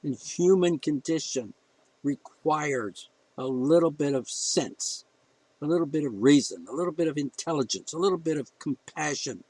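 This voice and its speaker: A man's voice: fairly high pitch, lively intonation, normal speed, darkish tone, slightly rough, dry recording, low-quality recording. A man ranting in a blunt, heated opinion monologue as a podcast host, cursing freely and getting emotional.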